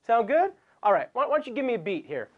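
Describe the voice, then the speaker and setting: A man's voice: extremely high pitch, big pitch swings, fast talker, phone-quality sound, slight background noise. A young man hosting a comedic web show, joking and rambling in a self-deprecating way. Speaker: host.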